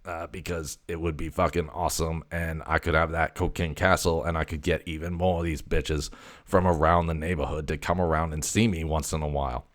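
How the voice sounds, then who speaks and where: A man voicing his crude, boastful male house cat, cursing and mumbling with halting pauses. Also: a bass voice, little pitch movement. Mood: scheming. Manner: foul-mouthed, cocky, mumbling and halting.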